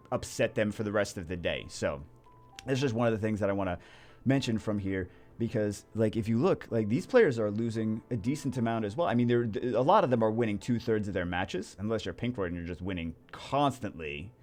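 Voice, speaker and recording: A man giving casual game commentary as a YouTuber, rambling and excitable with many restarts. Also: on the low side. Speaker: gaming YouTuber.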